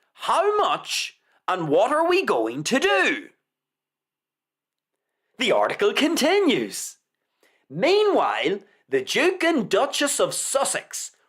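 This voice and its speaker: A man's voice: sits high, wildly swooping pitch, slow pace, fairly bright tone. Sarcastic man with a wildly swooping delivery. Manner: sarcastic, mock-reverent, repeats lines for effect. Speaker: host. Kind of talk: live news commentary, reading an article aloud.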